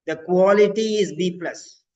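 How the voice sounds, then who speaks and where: A man's voice: high voice, a little slow, dark tone. A male language teacher who encourages and corrects students' sentences during an online exam-prep class. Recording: dull lo-fi audio.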